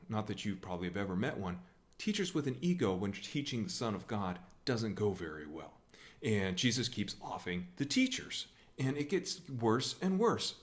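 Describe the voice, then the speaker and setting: A man from the USA giving a humorous talk on scripture at a church, telling the story in a wry, animated way. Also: lowish voice. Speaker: church speaker.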